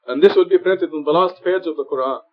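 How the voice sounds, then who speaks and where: A man's voice: fairly high pitch, fast. A man preaching in a mosque, earnest and explanatory, repeating his points for emphasis. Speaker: preacher teaching Quran study. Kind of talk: sermon. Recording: dull lo-fi recording.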